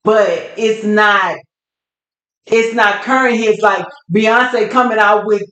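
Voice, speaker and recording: A woman's voice: mid-range voice, steady tone, slow pace, fairly bright tone. A woman co-hosting a casual podcast chat, talkative and colloquial, laughing easily as she talks. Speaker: podcast co-host. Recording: roomy echo.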